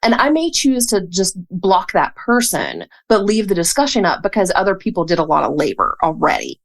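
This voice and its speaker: A woman with a Southern US accent, from North Carolina, speaking as a podcast guest in a measured, thoughtful way with dry humor. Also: medium pitch, sing-song, vocal fry. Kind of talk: casual interview chat.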